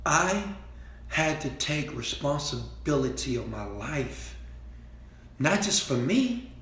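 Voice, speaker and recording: A man giving a preachy motivational speech, repeating himself and swinging between quiet talk and shouting. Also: a little high, big pitch swings, slow pace, roomy sound. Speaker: motivational speaker.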